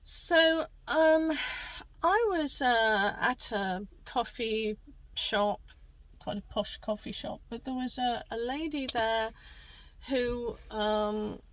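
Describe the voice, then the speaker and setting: Middle-aged lady rambling away, lots of ums and restarts, bit high pitched. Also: takes it slowly, a bit bright, poor audio. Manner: rambling, chatty, many fillers and restarts. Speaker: tarot reader. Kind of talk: casual monologue.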